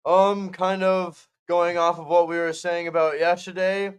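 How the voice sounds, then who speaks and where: Man, show staff, hesitant, filler words, smooth clear voice. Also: sits high, flat delivery, unhurried. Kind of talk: casual radio talk show chat.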